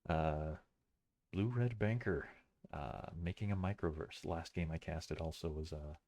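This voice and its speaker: A man's voice: very deep voice, measured pace, darkish tone. A man giving casual commentary on a board game replay, thinking aloud with many fillers and self-corrections.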